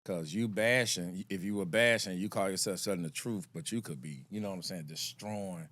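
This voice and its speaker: A man's voice: deep voice, normal speed, a bit bright. A man hosting a podcast in casual talk, affirming his guest and using street slang. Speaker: podcast host. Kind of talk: casual conversation.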